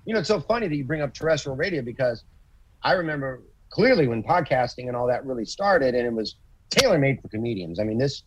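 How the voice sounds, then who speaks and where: A man chatting on a podcast, telling stories with swearing and lively acted-out quotes. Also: medium pitch, fast, dry recording, lo-fi sound. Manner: profane, animated storytelling with acted quotes. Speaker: comedian guest. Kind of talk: casual podcast chat.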